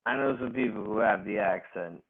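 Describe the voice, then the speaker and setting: Podcast co-host, male, gravelly and husky, slow and profane, tinny phone-line audio. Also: fairly low pitch. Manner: profane, animated, laughing rants. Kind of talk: casual wrestling chat.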